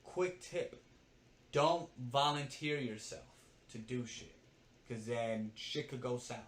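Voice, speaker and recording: A young man tells a story to camera in an animated, casual way, cursing freely and tagging his sentences with "right?". His voice sits at a middle pitch, in a roomy space with a faint wash of ambience. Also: slow pace, slight background noise. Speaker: vlogger.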